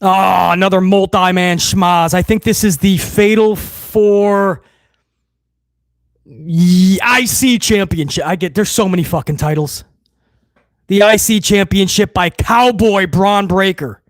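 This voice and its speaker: A man's voice: high-pitched, slow pace, dry recording, studio quality. A man hosting a live wrestling watch-along stream, ranting bluntly and swearing freely in casual commentary.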